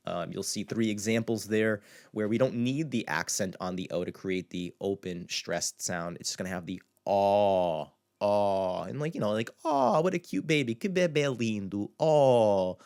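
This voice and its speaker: A man teaching a language lesson in a relaxed, casual way, repeating words slowly to model their sounds. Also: on the low side.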